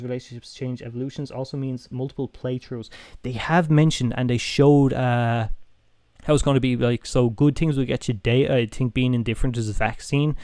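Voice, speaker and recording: A man's voice: mid-range voice, dark tone, no echo. A young Irish man with a toned-down Dublin accent, chatting casually on a live stream, swearing freely and restarting his sentences. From Ireland.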